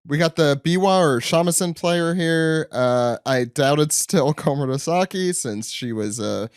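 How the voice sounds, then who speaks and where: A man with a slightly high voice, co-hosting a comic podcast in loose, joking chat. He laughs a lot and slips into goofy voices. The sound is dry and close to the mic. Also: expressive, measured pace, clear, resonant tone, no room sound. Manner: joking, laughs often, drops into silly voices. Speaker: podcast co-host. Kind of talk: casual chat about a manga chapter.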